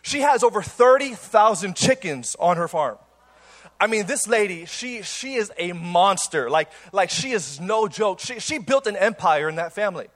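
Young pastor guy preaching to a church crowd, fairly high voice, playful and energetic, trips over his words and restarts a lot. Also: normal speed. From Cuban. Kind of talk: sermon with personal story. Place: church auditorium before a congregation.

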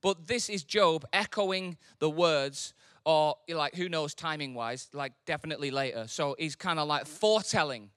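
A man preaching a sermon. He talks casually, then swells into loud, impassioned preaching. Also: a little high, normal speed, hardly any pauses, dry recording, clean studio sound. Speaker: pastor.

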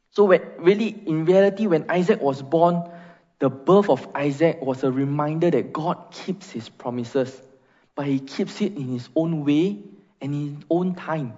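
This pastor's voice is on the high side with a dark tone. He preaches with emphasis, reading from scripture and guiding prayer, and the muffled recording echoes through the church sanctuary's hall.

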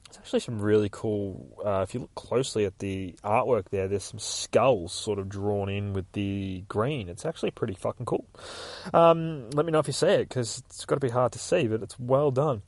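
A man's voice: on the low side, normal speed, no echo. Casual, profane man recapping a comic. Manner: casual and profane, with rough shouted character voices. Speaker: comic book podcast host. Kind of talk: reading and recapping a comic aloud.

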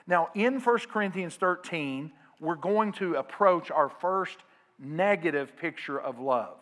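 A male pastor preaching a sermon to his congregation, calling on them to answer aloud and swinging from loud emphasis to quiet asides. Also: a little high, lively intonation, unhurried.

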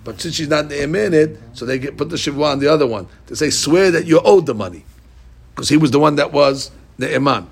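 Gravelly, husky man teaching Talmud. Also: mid-range voice. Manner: reads Aramaic slowly, explains in animated English. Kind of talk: Talmud class, reading and explaining.

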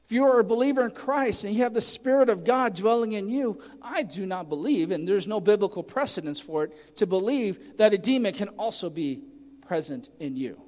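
High-voiced man preaching in a reverberant hall. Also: lively intonation, a little fast, a little mellow. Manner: earnest teaching, reads scripture aloud with emphasis. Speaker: pastor. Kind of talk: sermon.

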